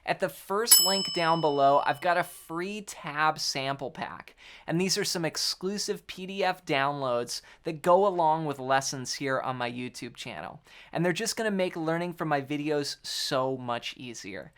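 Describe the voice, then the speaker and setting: A man's voice: fairly high pitch, unhurried, a bit bright. A man teaching a guitar lesson, upbeat and explaining step by step while counting beats aloud.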